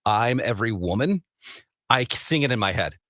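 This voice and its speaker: Lively-voiced jokey male co-host. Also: mid-range voice, normal speed, dry recording, clean studio sound. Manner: jokey, rambling questions. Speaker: radio podcast co-host. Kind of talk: casual chat.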